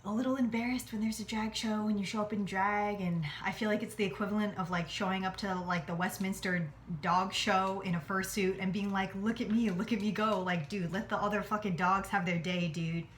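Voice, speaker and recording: A woman's voice: mid-range voice, steady tone, a little fast, few pauses, slight background noise. A young woman from New Jersey chatting casually in a home vlog while cooking, rambling and self-deprecating with lots of "like". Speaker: vlogger. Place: home kitchen near a highway.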